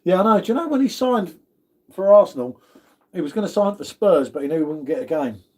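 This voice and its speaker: Expressive and a little fast, this livestream host from the UK has a high, slightly mellow voice. He greets viewers in a chatty way, reads their comments, and calls them all "mate."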